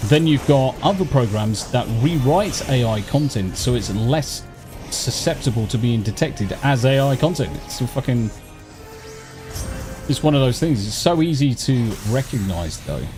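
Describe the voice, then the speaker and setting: A man's voice: medium pitch, animated, normal speed. Emphatic, swearing man on a gaming stream. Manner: emphatic and opinionated, swears freely. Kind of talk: casual voice chat while gaming. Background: game music.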